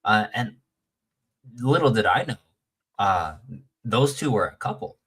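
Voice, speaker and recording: A man's voice: on the low side, lively intonation, a little slow, a bit bright, breathy edge. A man telling a long story in casual chat, rambling with many fillers and restarts and acting out the quoted lines.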